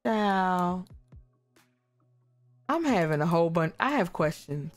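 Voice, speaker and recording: A woman's voice: lowish voice, slow, long pauses, soft background music. A woman casually commenting on her life-simulation game, talking to the characters and exclaiming at what they do. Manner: animated, exclaiming, talks to the characters. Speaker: gaming YouTuber.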